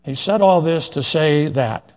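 A man's voice: fairly high pitch, unhurried, darkish tone. An older man preaching a plain-spoken, folksy verse-by-verse sermon, with asides and fillers as he reads scripture.

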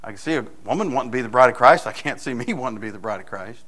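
A man preaching a sermon in a folksy storytelling manner, building to loud, emphatic points. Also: mid-range voice, expressive, racing. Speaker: pastor.

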